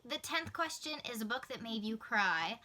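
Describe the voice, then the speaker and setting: A woman's voice: on the high side, sing-song, normal speed, bright, forceful tone. A young woman chatting casually to camera about books she loved and disliked, gushing and laughing easily. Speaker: book vlogger. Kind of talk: casual book talk to camera.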